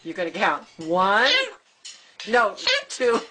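A woman's voice: medium pitch, takes it slowly. A woman at home coaxing her pet in sing-song baby talk, with frequent gasps and laughs. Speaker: pet owner talking to her bird. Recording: noisy home camera recording.

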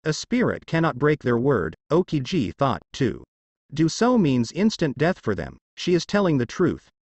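Male audiobook narrator for fan fiction, expressive, dry close mic. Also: a little high, normal speed, no echo, lo-fi sound.

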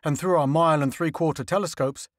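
A man voicing an earnest, learned male astronomer who explains his findings in a measured way. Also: fairly high pitch, fairly even intonation, no room sound, studio quality, close to an everyday voice. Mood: explaining.

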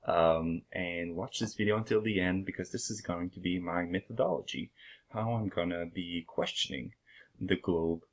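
A man's voice: low voice, normal speed. A man with a French accent, hosting his channel in a casual explanatory monologue, hesitant with many fillers and an uneven pace. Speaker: channel host.

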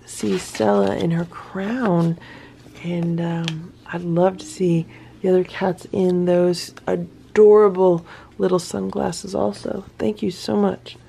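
A middle-aged woman hosts a cat rescue video, chatting casually to the camera as she unboxes gifts and gushes with delight, now and then dropping to a whisper or cooing at her cat. Her mid-range voice is warm, with some vocal fry. There's a faint hiss or hum on the recording.

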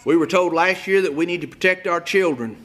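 A man preaching an impassioned sermon in a church, firing rhetorical questions and swinging from hushed tones to near-shouts. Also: high voice, fairly quick. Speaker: evangelist preacher. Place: church auditorium. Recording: echoey church room with faint ambience.

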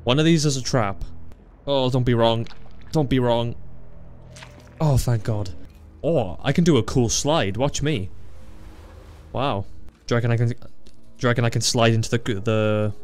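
A young man giving casual, joking commentary while playing a horror game, with jumpy, excitable reactions and frequent swearing. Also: medium pitch, moderate pace, pauses often. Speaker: gaming video creator. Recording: faint game music behind.

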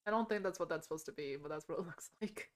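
A woman's voice: sits low, quick pace. A woman co-hosting a game stream, making playful, teasing remarks about the game. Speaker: stream co-host. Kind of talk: casual gameplay commentary.

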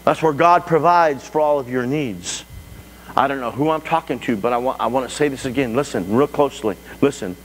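A man preaching a sermon as pastor to a live congregation, talking in an animated way with frequent restarts. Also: mid-range voice, fairly quick. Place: church sanctuary before a congregation. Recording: echoey church hall with faint hum.

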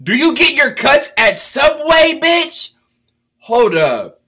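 A man doing loud, profane, mocking comedy commentary over a cartoon, with light music behind him. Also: very high-pitched, sing-song, takes it slowly, a little hiss or hum.

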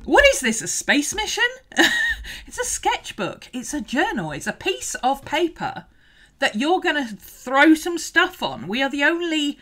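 A woman's voice: a little high, sharp tone. A woman hosting a casual art livestream, chatting and greeting viewers, laughing often. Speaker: art teacher and livestream host.

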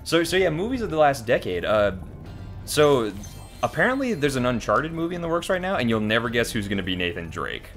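A man's voice: medium pitch, very animated, a little fast, a bit bright, faint music behind. A young man chatting casually while playing a video game with a friend, rambling with lots of fillers and restarts. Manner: rambling, stop-start with many fillers. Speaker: co-host of a gaming channel. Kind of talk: casual let's play banter.

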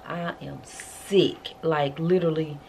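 A woman's voice: low voice, steady tone, takes it slowly, gravelly, a little mellow, slight background noise. A woman, chatting emotionally to her viewers in a casual vlog. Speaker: vlogger, mother.

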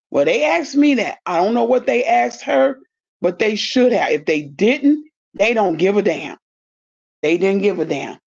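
A woman's voice: mid-range voice, vocal fry, a little mellow, husky. A woman in her fifties giving blunt, indignant casual commentary to her viewers. She swears freely. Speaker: commentary vlogger. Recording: dull lo-fi audio.

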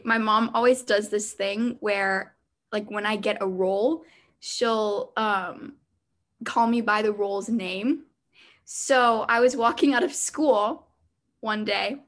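A young actress answering interview questions, hesitant and full of ums and likes. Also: female voice, medium pitch, a bit bright.

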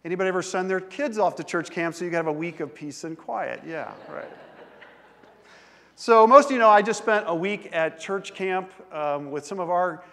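A man delivers a sermon from the pulpit, talking easily and animatedly with his congregation. His voice sits high for a man. A long reverb trails his words through the large church sanctuary. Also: normal speed. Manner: conversational, animated preacher who involves the congregation. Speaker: pastor.

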